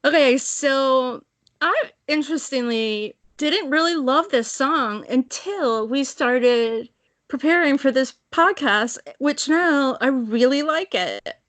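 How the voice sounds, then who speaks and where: A woman's voice: high voice, takes it slowly, no echo. Chatty woman podcaster, dry mic. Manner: animated, swears, laughs a lot. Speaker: podcast co-host. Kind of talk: casual chat.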